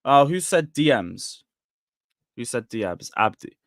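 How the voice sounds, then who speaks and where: A man's voice: mid-range voice, very animated, measured pace, gravelly, dry recording, studio quality. A man hosting a football live stream, ranting bluntly and angrily at his chat.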